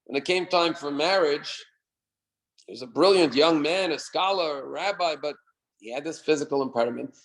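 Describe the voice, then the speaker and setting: Gravelly rabbi telling a story. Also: male voice, a little high, moderate pace, poor audio. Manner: animated storyteller, shouts quoted cheers. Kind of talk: sermon storytelling. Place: synagogue class.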